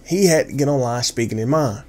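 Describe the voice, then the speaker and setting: A man's voice: mid-range voice, fairly quick, a little mellow. A young man narrating a commentary video in a casual, slangy storytelling way. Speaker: YouTube commentary host.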